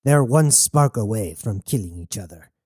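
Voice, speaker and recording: A man voicing a stern, gruff female officer who is wounded. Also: fairly low pitch, expressive, moderate pace, dark tone, dry recording, studio quality. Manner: gruff, commanding.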